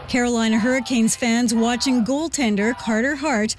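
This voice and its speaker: A woman reporter reading a scripted news report in a measured, even way. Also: on the high side, over loud music, a loud crowd. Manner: measured, even newsreader delivery.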